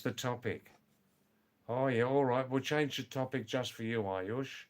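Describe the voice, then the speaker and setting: A man's voice: medium pitch, a little slow. An older man hosting a casual livestream, chatting with viewers by name, teasing and repeating words for emphasis. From England and Australia. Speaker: livestream host. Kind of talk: casual live chat reading viewer messages.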